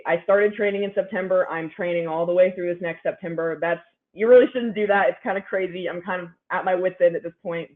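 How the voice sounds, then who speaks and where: A young woman in her twenties, an athlete guest giving upbeat, chatty interview answers full of "like"s. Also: fairly low pitch. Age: 20s. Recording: phone-like narrow line.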